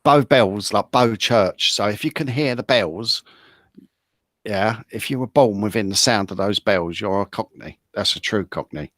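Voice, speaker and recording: A man's voice: lowish voice, unhurried, fairly bright tone, dry recording, clean studio sound. A man, co-hosting a casual chat and explaining slang. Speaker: co-host.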